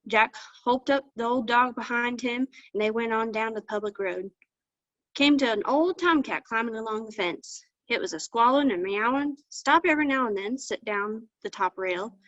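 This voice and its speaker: A female storyteller relates a folktale in homespun, folksy country phrasing at a normal speed. Her slightly high, somewhat bright voice sounds dull and dry with no echo, as though heard over a video call.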